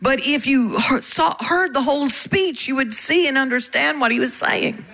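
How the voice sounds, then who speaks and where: A woman preaching a sermon, animated and coaxing the congregation to join in. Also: high-pitched, moderate pace, rough recording. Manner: animated, coaxes the congregation to repeat.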